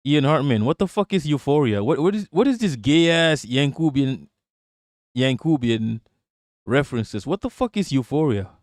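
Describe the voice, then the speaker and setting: A man's voice: mid-range voice, animated, moderate pace, dry recording, studio quality. A man streaming live, giving sarcastic, profane commentary and answering his chat. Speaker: streamer reacting to a clip and chat.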